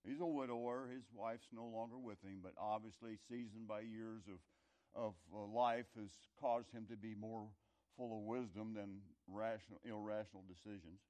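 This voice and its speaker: A middle-aged or older man telling a folksy, rambling story in a conversational sermon, his loudness rising and falling. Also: on the low side, steady tone, normal speed. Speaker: speaker telling a story to an audience.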